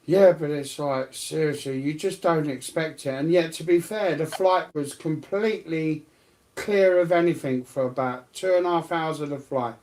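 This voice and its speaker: Man, fairly high voice, sweary, animated, casual late-night chat. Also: normal speed. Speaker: co-host of a live stream.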